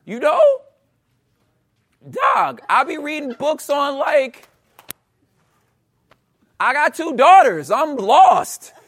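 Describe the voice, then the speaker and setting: A man in his thirties preaching a casual, conversational sermon, animated and slangy, often asking "you know what I'm saying". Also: very high-pitched. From Los Angeles area.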